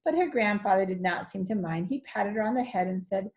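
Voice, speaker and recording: A woman reading a children's chapter book aloud in a steady, clear storytelling manner. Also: medium pitch, fairly quick, few pauses. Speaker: reader.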